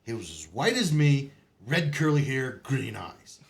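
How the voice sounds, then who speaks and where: A man telling his military stories in casual podcast chat, swearing often, laughing, and shouting out the quoted lines. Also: mid-range voice, very animated, a little slow. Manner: profane, laughing, acts out quotes loudly. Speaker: podcast guest. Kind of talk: casual storytelling.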